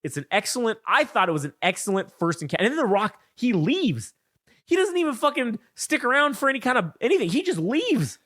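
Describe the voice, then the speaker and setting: A man co-hosting a wrestling podcast, retelling a feud in excited, profane, rambling chat on a close mic. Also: extremely high pitch, brisk, dry recording. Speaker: podcast co-host. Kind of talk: casual chat, wrestling recap.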